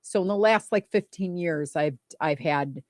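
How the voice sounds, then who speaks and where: A woman co-hosting a show, chatting casually in a lively, animated way. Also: on the low side, a little slow, no echo, studio quality. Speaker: co-host. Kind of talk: casual chat.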